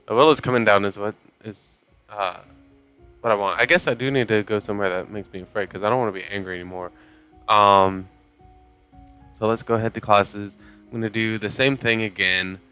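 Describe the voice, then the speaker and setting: A man's voice: lowish voice, pushed and bright, clean tone. A man casually commenting on a game as he plays, joking and rambling in self-deprecating asides. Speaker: gamer reading game text aloud. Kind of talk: casual let's play commentary.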